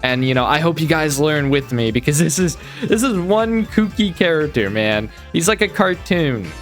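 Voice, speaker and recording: Sarcastic guy reacting to clips, kinda high voice, rambly and mocking. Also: lively intonation, normal speed, a bit bright, soft background music. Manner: sarcastic, mock-admiring, rambling. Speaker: commentary channel host. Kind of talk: reaction commentary.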